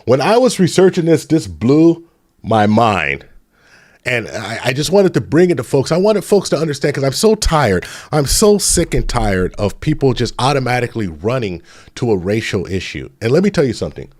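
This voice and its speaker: A man's voice: mid-range voice, very animated, fairly quick. Heated, ranting male livestream host. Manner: heated, preachy rants with frequent restarts; drops to soft, pleading tone addressing chat. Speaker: channel host. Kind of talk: livestream commentary.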